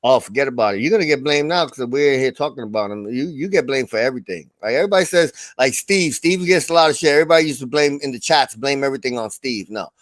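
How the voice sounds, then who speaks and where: A man's voice: medium pitch, expressive, fast talker, few pauses, no room sound. A middle-aged man hosting a casual livestream chat, telling stories loosely with lots of swearing and laughter. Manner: profane, laughing storyteller. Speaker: stream host.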